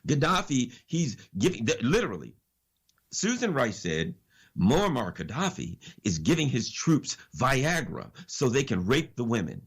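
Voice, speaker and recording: Animated husky man, preachy commentary. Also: medium pitch, unhurried. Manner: animated, preachy, rhetorical questions, repeats phrases. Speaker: political analyst guest. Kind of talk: impassioned radio commentary.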